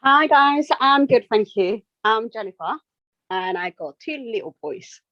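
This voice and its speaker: Animated young mother telling her story. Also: on the high side, unhurried, no room sound, highs cut off. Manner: animated storytelling, quoting herself. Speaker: podcast guest, nurse and mother of two. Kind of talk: casual chat.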